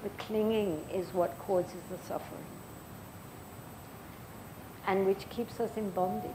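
An older woman giving a Buddhist dharma talk as the teacher, speaking gently and reflectively and telling stories with frequent pauses. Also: medium pitch, fairly even intonation, noisy background.

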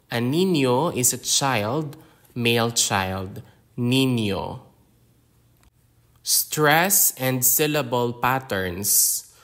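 Filipino-accented male language teacher, unhurried lesson pace, mid-pitched voice. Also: a bit bright. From Philippines. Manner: says each example word twice, then gives its meaning. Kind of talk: slow, careful pronunciation lesson.

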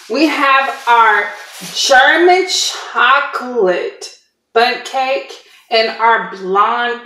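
A woman's voice: medium pitch, bright, forceful tone. A woman hosting a casual cooking demonstration, chatty and admiring her own work, speaking from a kitchen far from the mic. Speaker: cooking show host. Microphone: far from the camera mic. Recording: echoey room, distant mic, background music.

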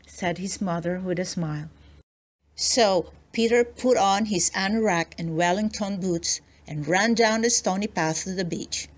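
A woman narrating a children's storybook aloud, slow and expressive. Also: mid-range voice. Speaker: storybook reader.

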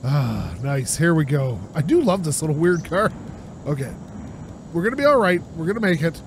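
A young man talks through a driving game in a sore, scratchy voice, rambling and laughing as he goes. His voice sits a bit high and bounces up and down a lot. A loud game engine hums underneath. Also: very animated, normal speed. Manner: chatty, rambling, laughs often. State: sore throat. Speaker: gaming channel host. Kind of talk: let's play commentary. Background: car engine and game ambience.

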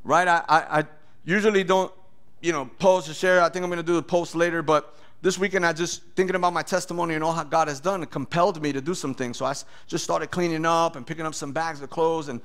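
Male pastor, animated preacher, slightly high voice, loud bursts when acting out voices. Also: fast. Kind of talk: sermon with testimony.

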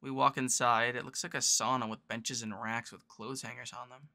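A man reading a visual novel aloud in the first person, narrating in a casual, low-key way. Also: little pitch movement, normal speed, bright, forceful tone, no room sound.

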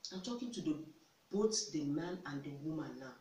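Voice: medium pitch, animated, normal speed, darkish tone. A relationship advice vlogger giving instructive counsel, emphatic, repeating key words and posing rhetorical questions. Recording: echoey room, distant mic, faint hiss.

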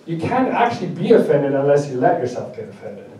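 Recorded from a distance in an echoey church hall, a pastor from Germany preaches with a slightly high, mellow voice. He is very animated and brisk, talking plainly and conversationally while poking fun at himself.

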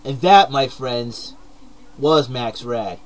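A young man calmly signing off his comedy video and explaining the character. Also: slow. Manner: calm, low-key wrap-up. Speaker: video creator.

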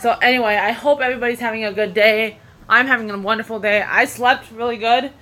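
A woman's voice: on the high side, fairly even intonation, quick pace, bright, forceful tone. A woman babysitting while she chats casually on a live stream, rambling, repeating herself and laughing often, recorded indoors at a home.

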